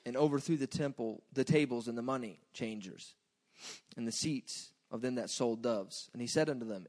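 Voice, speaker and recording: A man preaching a sermon in a loose, joking way that swings between quiet asides and loud bursts. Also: medium pitch.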